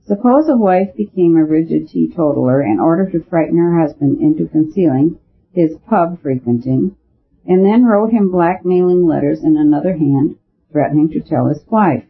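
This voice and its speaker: A man voicing a quiet, shrewd male priest who speaks calmly and patiently in a storybook reading. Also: a little high, normal speed, creaky, breathy edge, full character voice. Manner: calm, gloomy, patient. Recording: narrow phone-like sound.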